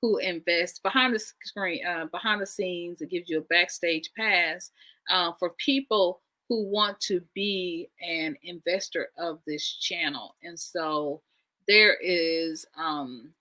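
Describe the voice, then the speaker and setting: A woman's voice: lowish voice, takes it slowly, pushed and bright. A woman from the United States hosting a live stream, chatting with viewers in a friendly way with many fillers. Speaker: channel host.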